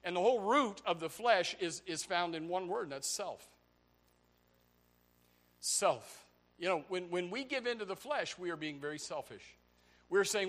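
A man preaching a sermon to his congregation, emphatic and repetitive, swinging between loud outbursts and hushed asides. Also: high voice, lively intonation, moderate pace, long pauses. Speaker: pastor. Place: church.

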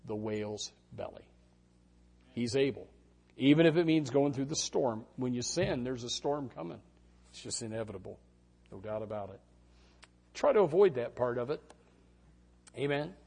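A middle-aged man preaching a sermon, telling stories with sudden shouted quotes. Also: medium pitch, creaky. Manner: animated storytelling with shouted quotes. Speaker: pastor.

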